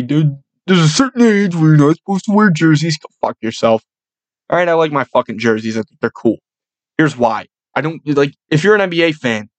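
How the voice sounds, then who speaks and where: Young guy sports podcast, swears nonstop, gets loud when hyped, dry close mic. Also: mid-range voice, no room sound, poor audio. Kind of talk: profane, excitable fan rant.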